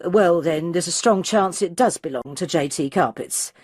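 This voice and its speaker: A woman's voice: fairly low pitch, normal speed, a little mellow, breathy edge, no room sound, clean studio sound. A woman doing an insolent young receptionist. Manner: insolent, dismissive.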